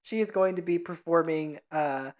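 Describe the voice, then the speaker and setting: A woman's voice: lowish voice, normal speed, darkish tone. A woman hosting a casual podcast, jokey and crude, poking fun at herself. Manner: jokey, crude, self-mocking. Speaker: podcast host. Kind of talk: casual chat.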